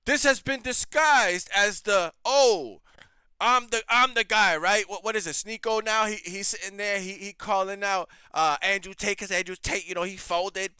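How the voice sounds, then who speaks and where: A man's voice: high-pitched, moderate pace, hardly any pauses, sharp tone, clear, resonant tone, dry recording. A man hosting a reaction show, ranting in blunt, heated, profane commentary.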